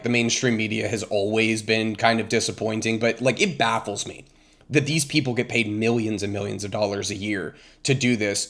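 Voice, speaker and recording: A man hosting a casual political reaction commentary, exasperated and chatty. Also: medium pitch. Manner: exasperated, chatty, with frequent fillers.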